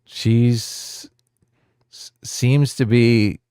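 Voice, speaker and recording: A man co-hosting a podcast, chatting casually and in a measured way about politics. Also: medium pitch, fairly even intonation, dark tone, clear, resonant tone, no echo, studio quality. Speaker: podcast co-host in played clip.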